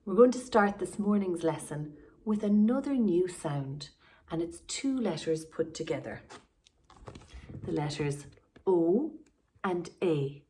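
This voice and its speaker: Slow, patient Irish woman teacher. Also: lowish voice, animated, warm tone, slight background noise. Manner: slow, clear sounding-out of letters for small children. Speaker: primary school teacher. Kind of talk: remote phonics lesson for young children.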